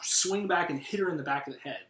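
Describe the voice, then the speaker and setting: High-voiced man rambling in an echoey room. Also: background noise. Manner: rambling, quick to laugh. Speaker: co-host of a movie review show. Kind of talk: casual podcast chat.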